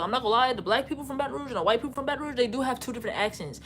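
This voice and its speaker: A woman's voice: a little high, rapid-fire, few pauses, fairly bright tone, a little hiss or hum. Slangy young Louisiana woman streaming. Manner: slangy, frank, rambling. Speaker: livestream host. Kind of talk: casual livestream chat reading comments.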